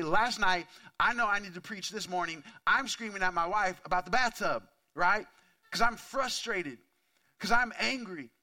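A man in his thirties, a pastor giving a candid, conversational sermon full of asides, swinging from quiet to loud and intense. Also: sits high.

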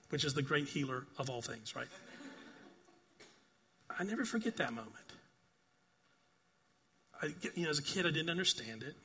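A slightly rough, higher-pitched voice belongs to an older man preaching as a pastor. Earnestly telling stories, he repeats phrases and often asks "right?", alternating emphatic bursts with soft, quiet moments.

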